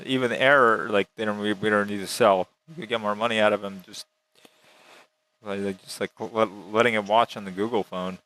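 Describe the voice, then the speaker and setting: Skeptical, halting man in casual chat. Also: on the low side, steady tone, bright, forceful tone.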